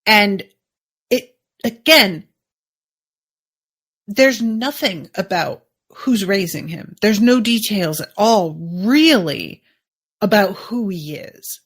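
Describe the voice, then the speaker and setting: A woman hosts a podcast and talks through a TV episode at an easy, unhurried pace. Her voice sits in a middle register. She muses aloud and scatters "like" through her sentences as she works out her opinions. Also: medium pitch, expressive, slightly rough. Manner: chatty, musing, full of "like" asides. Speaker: podcast host. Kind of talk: casual episode recap.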